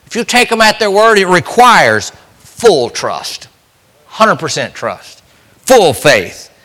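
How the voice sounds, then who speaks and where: A man's voice: on the high side, pushed and bright. A middle-aged man, preaching a sermon as pastor in a folksy, emphatic way, rising and dropping sharply. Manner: folksy, emphatic preaching with sudden rises and drops.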